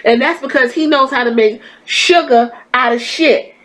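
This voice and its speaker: A woman with a slightly high voice rants through her podcast commentary. She is blunt, exasperated and freely profane. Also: normal speed, a bit bright, low-quality recording. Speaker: podcast host. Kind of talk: ranting wrestling commentary.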